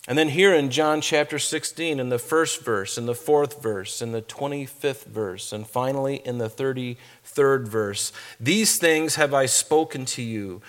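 A middle-aged man giving a conversational sermon as a pastor. He talks casually between verses and slows down, with weight, when he reads scripture aloud. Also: mid-range voice, fairly bright tone.

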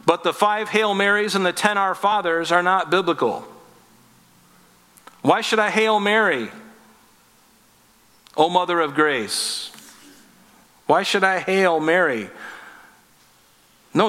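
A man preaching with a bright, forceful tone and a voice a little higher than most men's. He drives his points home emphatically, with rhetorical questions and wry asides. His words ring out with a long reverb from a church hall. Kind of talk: sermon.

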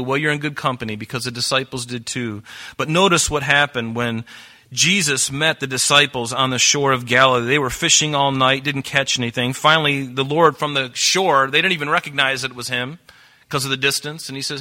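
A pastor preaching an earnest sermon, often repeating words and acting out Bible dialogue. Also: male voice, medium pitch, brisk, sharp tone.

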